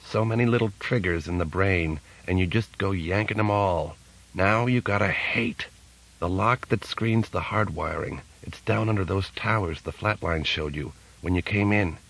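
A man voicing a gruff, world-weary older male fence who talks in a folksy, wry way in an audiobook. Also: low-pitched, moderate pace, fairly bright tone, low-quality recording. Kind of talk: audiobook character reading.

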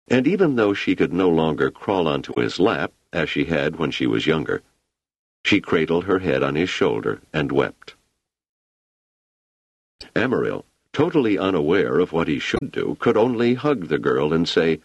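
A man narrating an audiobook with an expressive, dramatic reading. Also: extremely low pitch, moderate pace, no room sound, muffled recording.

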